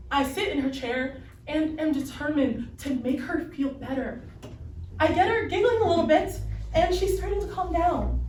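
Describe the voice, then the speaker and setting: A woman reading first-person stories aloud in a readers theater performance, wry and unhurried, heard from a distant mic on a roomy stage. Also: high voice, darkish tone, slight background noise.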